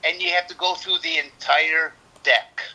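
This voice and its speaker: A man's voice: fairly high pitch, steady tone, measured pace, bright, forceful tone, highs cut off. A man in his sixties from the United States, a retired wrestler telling long rambling stories in a casual interview, often repeating words and restarting sentences. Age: 60s.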